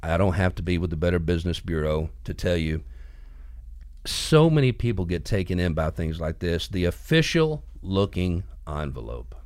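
A man's voice: sits low, normal speed, no room sound. Man hosting a radio talk show. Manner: animated storyteller acting out comic strip voices. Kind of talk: casual on-air talk.

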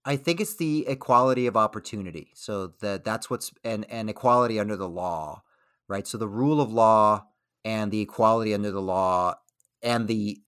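A man, a comedian and military veteran, answering interview questions in a thoughtful, measured way with frequent restarts. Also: fairly low pitch, a bit bright, clear, resonant tone, dry recording, clean studio sound. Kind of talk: casual interview.

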